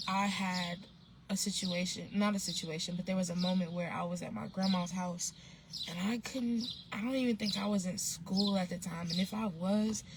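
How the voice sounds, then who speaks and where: A woman with a somewhat low voice tells a story in a loose, slangy vlog style, often circling back and restarting her sentences. The recording is noisy, with birds chirping clearly behind her. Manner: rambling and slangy, with frequent restarts and fillers. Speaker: vlogger. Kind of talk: casual storytime monologue.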